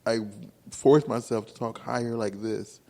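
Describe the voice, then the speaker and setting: A man's voice: medium pitch, a little slow, vocal fry, slight background noise. A man co-hosting a casual podcast chat, who stammers and repeats words and can drift into a mumble. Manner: stammering, mumbly when relaxed. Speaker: podcast co-host.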